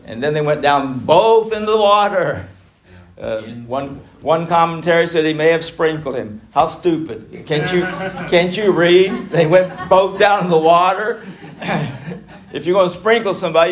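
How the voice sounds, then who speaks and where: Middle-aged man teaching a Bible class; somewhat high-pitched, emphatic delivery with frequent chuckles and repeated lines. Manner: emphatic, laughs often between points.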